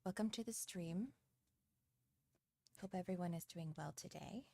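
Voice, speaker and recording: A woman's voice: on the low side, measured pace, creaky, dark tone, no echo. A young woman illustrator chatting casually on a live art stream, hesitant with lots of ums and frequent laughs, into a desk microphone.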